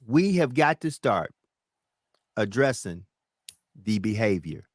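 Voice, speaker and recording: A man's voice: lowish voice, big pitch swings, slow, no echo. A man hosting a talk show, speaking emphatically like a preacher and repeating words to drive points home. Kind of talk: casual talk show chat.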